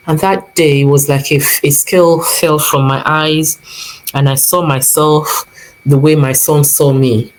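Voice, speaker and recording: A woman's voice: sits low, fairly even intonation, a little slow, poor audio. A woman with a Nigerian accent telling a personal story on her vlog in an earnest way, acting out the lines people said to her. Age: adult, previously married with a son. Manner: earnest, retelling events with quoted dialogue. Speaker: vlog host.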